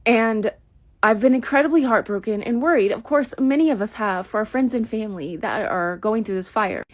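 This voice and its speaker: A woman's voice: a little high, brisk. A woman from Southern California talking to camera, somberly retelling a story. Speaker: social media commentator. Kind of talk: casual to-camera talk.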